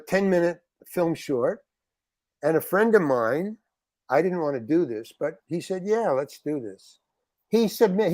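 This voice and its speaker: A man's voice: a little high, dry recording. A man guest telling a rambling story in a podcast chat, voice sitting a little above the usual male range. He keeps restarting his sentences and jumps into other people's voices as he quotes them. The sound is close and dry, with no room around it. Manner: animated, acts out other people's lines in quotes, frequent restarts. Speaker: interview guest, actor.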